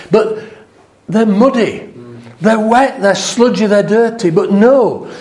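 Man, preacher, high voice, conversational sermon, acts out the quoted speech of God. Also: darkish tone, reverberant.

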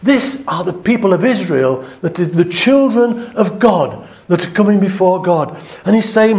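A man's voice: high-pitched, lively intonation, normal speed, hardly any pauses, darkish tone, roomy sound. A man preaching a sermon in a conversational way, acting out the quoted speech of God with a raised voice.

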